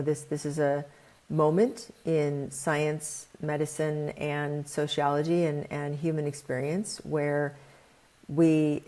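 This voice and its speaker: A woman being interviewed as an expert author, explaining her ideas in a quick, animated way. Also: sits low. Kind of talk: podcast interview.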